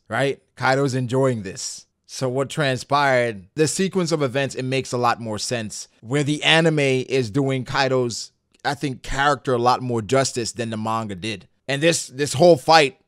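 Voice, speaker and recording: A man hosting a reaction channel, giving excitable, profane live commentary that breaks into shouts. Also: medium pitch, dry recording, clean studio sound. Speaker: anime reaction channel host.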